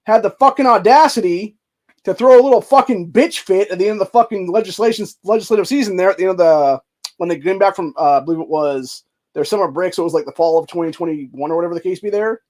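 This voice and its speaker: A young commentary host with a high, darkish voice talks fast in an angry political rant. He's heated and profane, peppering everything with "dude" and "bro."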